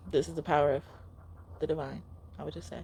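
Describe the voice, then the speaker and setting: A woman's voice: low-pitched, creaky, background noise. A young woman giving a casual spiritual card reading, talking in an earnest, emotional, pleading way.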